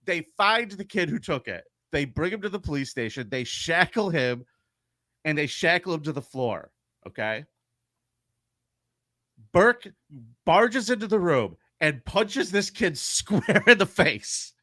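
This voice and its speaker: A man co-hosting a podcast, telling a true-crime story in an animated, profane way. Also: fairly high pitch, measured pace, no room sound, studio quality. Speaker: podcast co-host.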